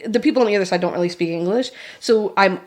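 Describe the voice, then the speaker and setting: A woman telling a rambling story to a friend on a podcast, her pitch sitting in a middle range. She swears freely and jumps into the voices of the people she quotes. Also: fast talker. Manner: animated storyteller, swears a lot, acts out quotes. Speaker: podcast co-host. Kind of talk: casual chat.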